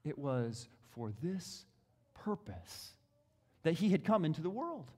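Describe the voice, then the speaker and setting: A male preacher reads scripture aloud and comments on it, building to loud, emphatic cries and then slowing into deliberate pauses. His voice sits somewhat high for a man, and his pitch moves widely and expressively. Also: big pitch swings, long reverb tail. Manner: dramatic, emphatic reading with sudden loud outbursts and slow pauses. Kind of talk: expository sermon with scripture reading.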